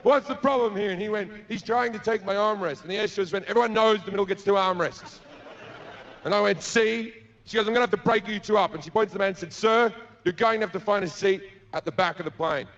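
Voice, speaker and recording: A man's voice: high voice, fairly quick, fairly bright tone. Crude Australian man telling a stand-up story. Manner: crude, profane, acts out the people in his story. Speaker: stand-up comedian. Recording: dull lo-fi live recording with noise.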